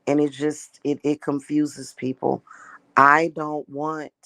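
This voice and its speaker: A woman's voice: sits low, level tone, slow, sharp tone, no room sound. A woman talking casually in a vlog monologue, rambling and repeating herself with emphatic restarts. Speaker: spiritual practitioner.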